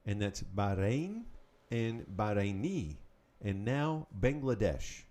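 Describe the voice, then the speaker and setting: A man hosting a Spanish lesson podcast, calling out words, pausing, then giving the answers in an upbeat, patient way. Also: on the low side, very animated, a little mellow. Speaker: Spanish teacher. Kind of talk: podcast language drill.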